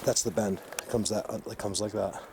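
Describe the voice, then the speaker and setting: A man filming an outdoor walking vlog in the woods, out of breath from a climb, talking excitedly and rambling straight to his viewers on a handheld camera. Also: fairly low pitch, a little fast, gravelly, very noisy. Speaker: outdoor vlogger.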